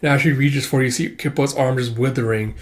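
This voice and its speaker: A man with a mid-range, steady voice speaks quickly as he casually retells a comic book in a loose read-through. He rambles and fills nearly every sentence with "like."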